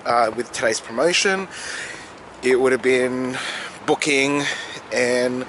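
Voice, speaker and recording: Excitable, chatty young man. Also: mid-range voice, slow. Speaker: vlogger. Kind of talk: casual vlog chat. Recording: noisy background.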